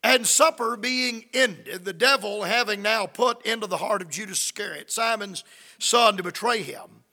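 A man's voice: high voice, normal speed, sharp tone, big-room sound. A man preaching a fervent sermon, reading scripture and acting out the quoted lines.

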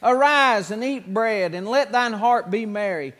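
A man's voice: sits high, measured pace, a bit bright, long reverb tail. A man preaching a sermon as pastor, reading scripture aloud in a raised, emphatic voice.

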